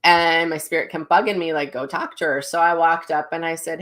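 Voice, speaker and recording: A woman's voice: low-pitched, moderate pace, hardly any pauses. Chatty woman telling a story. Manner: animated storyteller acting out quotes. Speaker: psychic medium vlogger. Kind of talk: casual storytelling to viewers.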